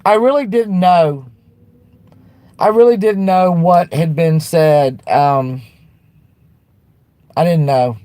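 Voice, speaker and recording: A woman hosting a livestream, ranting bluntly with lots of swearing and restarts while answering her chat, then turning soft to apologize. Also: on the low side, slow, pauses often, no echo. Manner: blunt and profane, with frequent restarts; fired-up and defiant, turning soft when apologizing. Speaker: livestream host.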